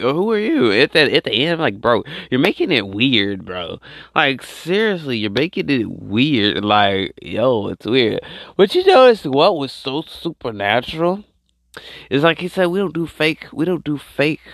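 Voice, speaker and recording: Guy ranting on his podcast, slangy and rambly, kinda gravelly, super dry sound. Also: medium pitch, fairly bright tone, dry recording. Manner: rambling, slangy, repeats himself a lot. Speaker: podcast host. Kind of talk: casual solo podcast commentary.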